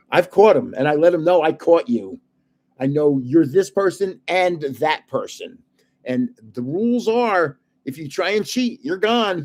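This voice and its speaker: A man's voice: on the high side, darkish tone. An older man hosting a late-night live stream, rambling casually with chuckles and restarts, sounding tired. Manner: rambling and chatty, chuckling often, many restarts. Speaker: livestream host running a card giveaway.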